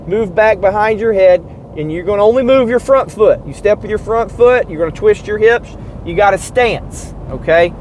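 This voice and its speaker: A man's voice: high voice, a little hiss or hum, rough recording. A man hosting a podcast, talking in a casual, mocking monologue and acting out sounds and chants as he goes. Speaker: podcast host.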